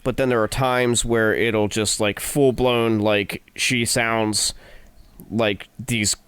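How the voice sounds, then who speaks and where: A man's voice: lowish voice, fairly even intonation, takes it slowly, fairly bright tone, smooth, no echo. A man co-hosting a casual film podcast, chatty and laughing often, trailing off mid-thought. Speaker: podcast co-host.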